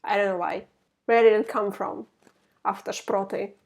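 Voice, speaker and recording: A woman teaching the Russian alphabet in a casual, playful lesson, a Russian native speaker saying each word slowly. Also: medium pitch, level tone. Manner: slow, playful, spells out words one by one. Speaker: Russian language tutor.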